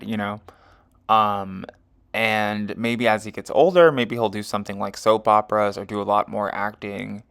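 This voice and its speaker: A man's voice: lowish voice, fairly even intonation, moderate pace, creaky, a bit bright, clear, resonant tone. A man reading an astrology chart in a casual, rambling monologue, full of fillers and self-corrections. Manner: rambling, heavy with fillers like um and you know. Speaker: astrology and tarot reader.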